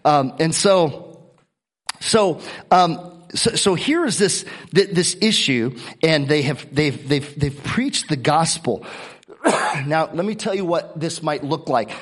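A man's voice: on the high side, animated, slow pace. A middle-aged man pastor preaching a sermon, earnest, often repeating words and coughing between phrases.

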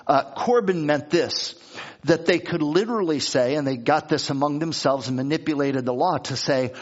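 A man's voice: a little high, lively intonation, normal speed, dull audio. A male pastor preaching a sermon in a conversational way, often restarting and repeating words as he reads and explains scripture.

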